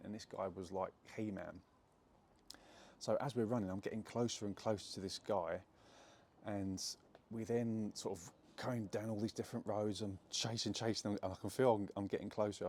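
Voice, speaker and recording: This property investor, a young adult man, tells a true story to camera in a casual, filler-heavy way. His pitch sits fairly low and sounds a little mellow.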